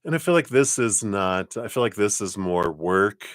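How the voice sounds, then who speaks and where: A man's voice: on the low side, lively intonation, normal speed, no echo, studio quality. A man doing a live-stream tarot card reading, rambling with many fillers, self-corrections and frequent laughs. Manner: laughs often between remarks.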